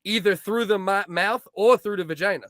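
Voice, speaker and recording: A man's voice: sits high, a little fast, fairly bright tone, dry recording, clean studio sound. A man co-hosting a comedy podcast, needling his partner with crude jokes and mock summaries. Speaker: podcast co-host. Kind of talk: comedic banter.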